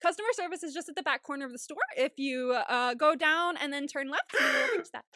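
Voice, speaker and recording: Girl doing her sugary customer service clerk voice, high and bright, super polite. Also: big pitch swings, fairly quick, no room sound, clean studio sound, exaggerated voice. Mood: chirpy helpful. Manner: high, sweet, overly proper customer-service tone. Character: perky, polite young retail clerk woman. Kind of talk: casual chat.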